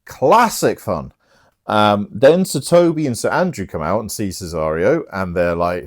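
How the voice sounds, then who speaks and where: Bloke chatting thru a plot, cheeky and sweary, low voice. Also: male voice, lively intonation, unhurried. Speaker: host. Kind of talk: casual comic plot retelling.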